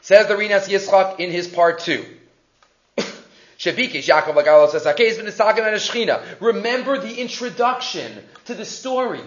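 A man's voice: sits high, normal speed. A man giving a Torah class, explaining Hebrew and Aramaic texts in English with rhetorical questions. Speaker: Torah teacher. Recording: echoey muffled room recording.

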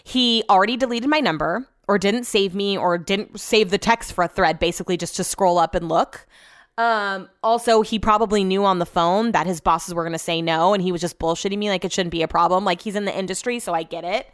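A young woman hosting a podcast, telling a story in casual, animated monologue and cursing when annoyed. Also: mid-range voice, a little fast, no echo, studio quality. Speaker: podcast host.

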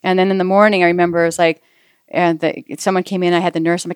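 A woman's voice: on the low side, very fast, clear, resonant tone, no room sound, studio quality. A woman telling her birth story in casual chat, acting out what everyone said. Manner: animated storyteller, acts out quotes.

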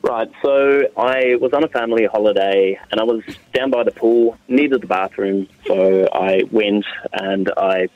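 A man, calling into a radio show and telling an anecdote in a dry, deadpan way. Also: on the low side, a little slow, hardly any pauses, no echo. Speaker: caller. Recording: muffled phone line.

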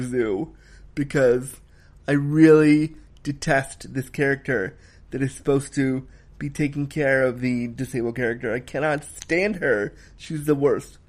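A man's voice: medium pitch, steady tone, unhurried. A man giving a casual spoken film review, emphatic and heated, swearing freely as he rants.

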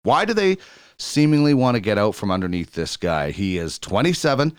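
A Canadian man in his forties, co-hosting a casual sports chat, jokey and lively, jumping up in pitch when excited. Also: brisk, clean tone, no room sound, studio quality. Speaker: co-host.

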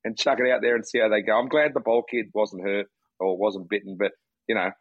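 Husky deep-voiced Australian man. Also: fairly even intonation, fairly quick, no echo, phone-quality sound. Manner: laid-back, rambling with restarts. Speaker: golf betting analyst. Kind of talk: casual podcast chat.

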